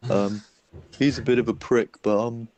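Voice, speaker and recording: A man's voice: fairly low pitch, fairly even intonation, normal speed, a little mellow, dry recording, close to an everyday voice. A man doing a big, timid, confused shop assistant. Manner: hesitant, bewildered.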